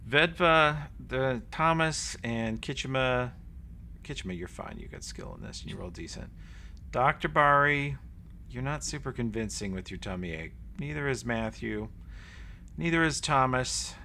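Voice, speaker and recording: A man's voice: medium pitch, lively intonation, unhurried, vocal fry, sharp tone, slight background noise. A man running a tabletop game as game master, narrating scenes vividly and acting out sounds. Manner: vivid, acts out sounds and voices.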